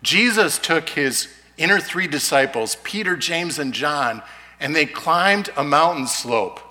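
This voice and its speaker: A man preaching a sermon to his congregation in a church, earnest and slowing down to stress key lines. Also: on the high side, animated, pushed and bright. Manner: earnest, slows down for emphasis. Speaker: pastor. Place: church sanctuary. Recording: long reverb of a church hall.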